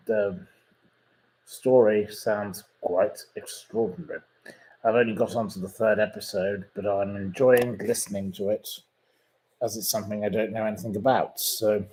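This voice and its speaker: A man's voice: lowish voice, a little mellow, poor audio. A man hosting a casual chat podcast, rambling through recommendations with many ums and gossipy asides. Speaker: podcast host.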